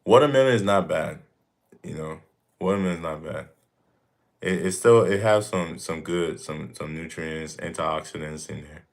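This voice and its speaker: A man's voice: low voice, normal speed. A man in his thirties hosting a casual livestream Q&A, talking emphatically and repeating himself, breaking into jokes. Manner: emphatic, repetitive, joking, with bursts of mock voices. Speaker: fitness streamer answering viewer questions.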